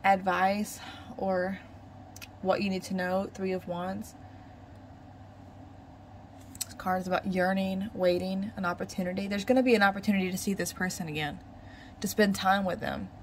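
A tarot reader gives a casual reading, musing aloud and repeating her questions to the cards. Her medium-pitched voice has fairly even intonation and a moderate pace, in a low-quality recording with slight background noise.

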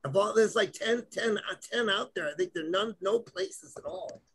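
A man's voice: high-pitched, moderate pace, creaky, fairly bright tone, breathy edge. A man appearing as a comedian guest on a game podcast, joking and self-deprecating. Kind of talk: casual banter.

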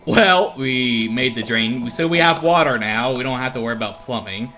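Laid-back guy playing a horror game, laughs a lot, bright voice, faint music under it. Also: mid-range voice, normal speed. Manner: giggly, laughs often, easygoing. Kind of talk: gaming commentary.

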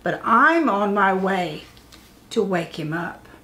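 A woman reading the part of a calm, kind male teacher in a children's story, speaking slowly and reassuringly. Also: medium pitch, slight background noise. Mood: gentle.

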